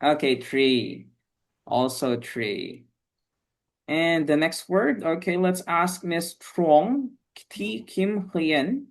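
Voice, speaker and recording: Encouraging teacher, mid pitch, patient, video call. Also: lively intonation, extremely slow, gravelly. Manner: encouraging, repeats "okay, very good". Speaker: English teacher. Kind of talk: online class teaching.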